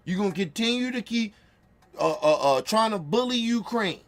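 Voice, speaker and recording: A streamer host, ranting in profane, confrontational bursts, repeating himself as he reacts to news clips. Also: normal speed. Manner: calms to low wrap-up at the end. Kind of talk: heated reaction rant.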